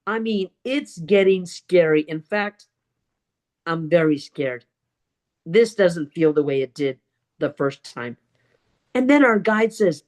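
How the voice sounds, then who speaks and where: At a public speaking club, a woman with a lowish, slightly mellow voice and lively intonation delivers a dramatic personal story as a speech. She acts out other people's lines and speaks emphatically, using deliberate pauses and repeating words for emphasis.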